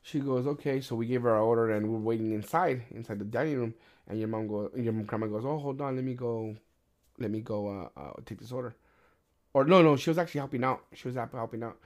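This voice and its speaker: Middle-aged male host, casual storyteller, heavy cursing, animated retellings. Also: mid-range voice, fast talker. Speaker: podcast host. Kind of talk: casual chat.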